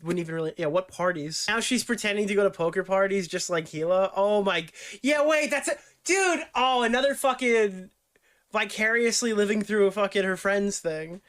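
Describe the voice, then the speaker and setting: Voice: medium pitch, normal speed, fairly bright tone. A commentator reacting casually, scoffing and swearing as they ramble.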